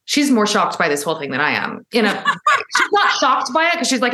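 A woman, guest and author, telling a personal story in a conversation, animated, often laughing and acting out the voices she quotes, in a room at home. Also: on the high side, fairly quick, echoey room, noisy background. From Los Angeles area. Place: room in her father's house.

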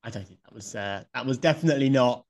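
A man's voice: mid-range voice, fast. A man hosting a podcast in casual chat, blunt and swearing freely. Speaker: podcast host.

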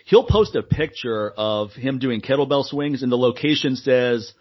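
A husky-voiced man talks loosely on a podcast, trading stories with his co-host. He laughs often, swears and slips into other people's voices when quoting them. The recording is a bit dull and lo-fi. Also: medium pitch, moderate pace. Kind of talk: casual podcast chat.

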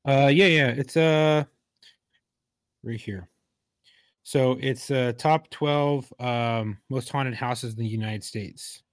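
A man's voice: medium pitch, no room sound, studio quality. Hesitant man reading off a list. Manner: hesitant, halting, with many fillers. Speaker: podcast co-host. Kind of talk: casual chat.

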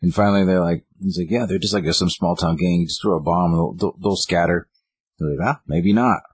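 A man with a very low, husky voice talks through a story in a loose, rambling way, slipping into the lines of each character. The recording is dry and close, with no room sound. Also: fairly even intonation, a little fast, dry recording. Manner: rambling, acts out quotes with "he's like". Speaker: podcast co-host. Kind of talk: casual chat retelling a comic.

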